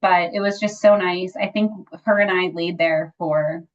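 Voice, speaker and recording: In slightly dull lo-fi audio, a woman guest with a lowish voice tells a personal story at an unhurried pace. Her casual interview talk is packed with fillers like "like" and "you know," and she turns animated while performing quoted dialogue.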